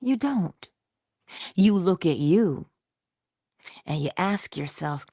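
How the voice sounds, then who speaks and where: A woman giving a casual motivational talk, expressive, dropping into whispers and laughing often. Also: on the low side, slow pace, pauses often, husky, dry recording, clean studio sound. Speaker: motivational vlogger.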